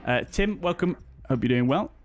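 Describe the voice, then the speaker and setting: Soft music plays behind a British man's expressive, mid-range voice as he talks at a normal speed. He's streaming a flight simulator, greeting each viewer in turn and filling the casual chat with ums and uhs.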